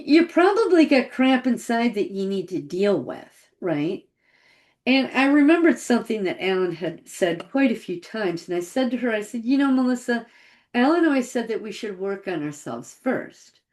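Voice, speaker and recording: Woman, middle-aged, casual storytelling, reflective, animated pitch, quotes herself. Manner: conversational, reflective, quotes her own past thoughts. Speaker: channel host recounting personal story.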